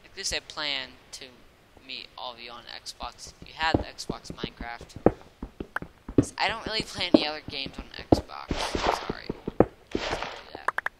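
A man giving rambling, excitable let's play commentary as a channel host, often apologizing to viewers. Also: mid-range voice. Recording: loud background noise.

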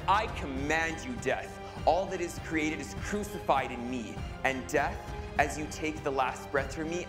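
A man's voice: on the high side, natural voice. Male actor as Jesus: solemn, commanding drama reading; reverberant, music bed. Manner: solemn, building to proclaiming cries. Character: Jesus, divine man, commanding and triumphant. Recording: reverberant hall recording over music.

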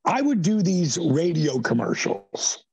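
Man, 60s, podcast guest storyteller; husky, higher-pitched, dry close sound. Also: takes it slowly, dry recording, rough recording. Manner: animated storyteller who slips into voices. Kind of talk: storytelling in casual interview.

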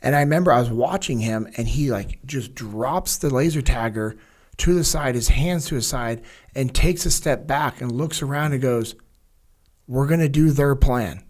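A man's voice: medium pitch, moderate pace, a little mellow. Earnest man describing his training program. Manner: earnest, explains with anecdotes. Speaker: podcast guest, training program leader. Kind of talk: casual podcast conversation.

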